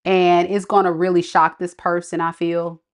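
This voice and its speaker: A woman's voice: lowish voice, flat delivery, normal speed. A woman giving a casual tarot reading, chatty, blunt and sassy with her viewers. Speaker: tarot reader.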